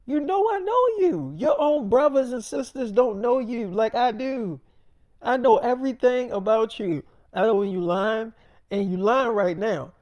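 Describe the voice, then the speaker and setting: A man voicing his heated, loud-mouthed best friend, profane and confrontational. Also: high voice, normal speed, dry recording, muffled recording, lightly acted. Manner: profane, confrontational, keeps pressing.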